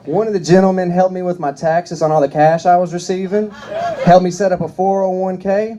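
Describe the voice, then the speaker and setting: This young comic, performing stand-up at a club, drawls his way through stories while voicing the characters he quotes. He has a high, dark-toned voice with fairly even intonation, and he moves at a fairly quick clip.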